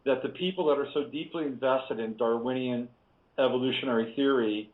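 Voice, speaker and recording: A man's voice: medium pitch, a little fast. A man hosting a radio interview, agreeing readily and adding his own views, heard over a tinny phone line. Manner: agreeable, with frequent affirmations. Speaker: radio host.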